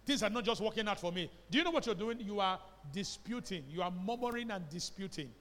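A high-voiced Nigerian man preaches with insistent emphasis, tossing questions to his listeners and dropping into Pidgin. His voice rings out with a long reverb, as if from a large church hall. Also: expressive, a little fast, fairly bright tone, a little hiss or hum. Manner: slips into Pidgin phrases. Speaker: pastor. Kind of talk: sermon.

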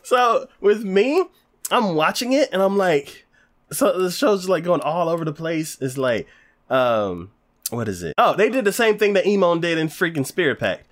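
A man's voice: high voice, big pitch swings, moderate pace, fairly bright tone. A man in casual chat reviewing an anime, rambling and hesitant with lots of fillers. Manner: rambling, hesitant, many fillers, laughs often.

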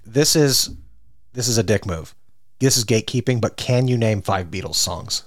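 A man's voice: fairly low pitch, moderate pace, no room sound, clean studio sound. A man co-hosting a podcast in casual chat, teasing and playful, laughing often. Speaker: podcast co-host.

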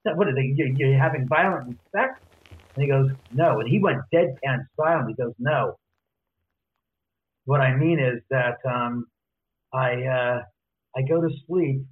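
A man, a guest author, retelling a story in lively detail and acting out both sides of each conversation. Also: a little high. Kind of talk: animated storytelling in an interview. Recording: tinny phone line.

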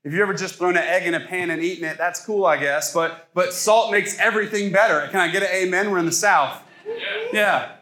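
A man's voice: high voice, a little fast, sharp tone. A man in his thirties from Ohio, preaching a casual sermon as a pastor and joking with the congregation.

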